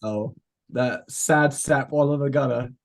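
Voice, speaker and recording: A man hosting a podcast, firing off quick joking questions at his guest in a teasing manner. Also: mid-range voice, gravelly. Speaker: podcast host. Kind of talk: casual comedic interview.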